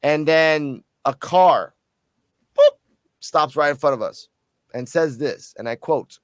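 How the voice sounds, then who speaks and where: A man from Puerto Rico telling a story in a casual, animated vlog, cursing freely and sounding a little tipsy. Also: a little high, slow, long pauses, dry recording. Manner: profane, animated, excited storytelling. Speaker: channel host.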